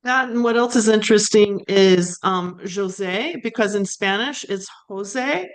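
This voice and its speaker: A woman's voice: mid-range voice, moderate pace, clear, resonant tone. A woman hosting a conversation, asking curious questions about how names are pronounced. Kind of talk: conversational interview.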